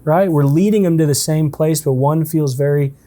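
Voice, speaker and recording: A man leading a relaxed, conversational coaching session for a team, often checking in with his listeners. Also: on the high side, moderate pace. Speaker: sales trainer. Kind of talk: casual in-person coaching session.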